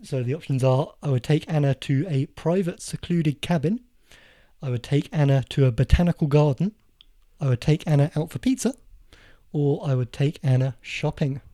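Brief: male podcast co-host, warm low-key tone, playful quizmaster asides. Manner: teasing, quizzes his co-host with quick asides. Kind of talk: casual film podcast chat.

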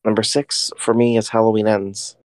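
Low-voiced man, dry close sound. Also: level tone, moderate pace, clear, resonant tone, no echo. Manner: brief, agreeable interjections. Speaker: podcast co-host. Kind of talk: casual chat.

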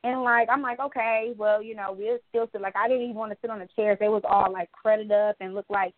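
A young woman co-hosting a podcast, telling stories in a casual, animated way with plenty of swearing and acted-out quotes. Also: mid-range voice, fairly quick, dry recording. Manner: animated storytelling, swears freely, acts out quotes. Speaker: podcast co-host. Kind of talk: casual chat. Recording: dry, phone-like sound.

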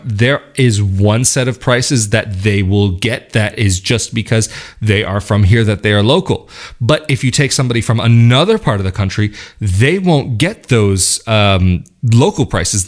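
A man talking casually to camera, thoughtful and rambling, laughing now and then and restarting his sentences. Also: lowish voice. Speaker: vlogger. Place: lives in northern Italy near Venice.

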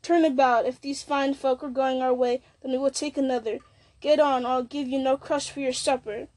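A woman's voice: high-pitched, fairly even intonation, moderate pace, a little mellow, lightly acted. A woman reading a sneering fallen old wizard. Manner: sneering, mocking. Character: bitter fallen old wizard, male, scornful.

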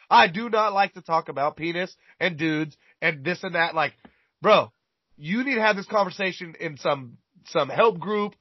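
This man's voice is a little high with a breathy edge, at a moderate pace and without echo. Chatting casually, he tells a crude, rambling story laced with swearing, stumbling over repeated words. The recording is dull and lo-fi.

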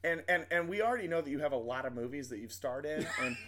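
A man's voice: fairly high pitch, lively intonation, fast, bright, forceful tone, soft background music. A man co-hosting a podcast in casual banter, often stammering and restarting, laughing along. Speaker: podcast co-host.

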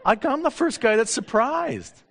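A man's voice: extremely high pitch, big pitch swings, a little slow, vocal fry, a bit bright. A middle-aged man, a pastor, telling stories in a sermon, acting out dialogue with self-deprecating humor. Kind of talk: sermon storytelling.

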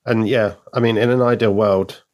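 A man with a very low voice joins a podcast as a guest. He speaks in a measured, thoughtful way and stretches his phrases as he works through his ideas. The recording is dry and close. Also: fairly even intonation, a little mellow, no room sound. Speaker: podcast guest, co-host of another show. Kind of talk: casual chat about comics.

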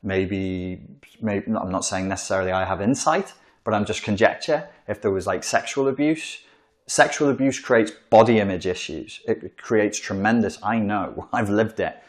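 A man's voice: on the low side, normal speed. A man giving an informal psychology lecture, blunt and profane, in a room where he writes on a board. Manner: blunt and profane, acts out quoted voices.

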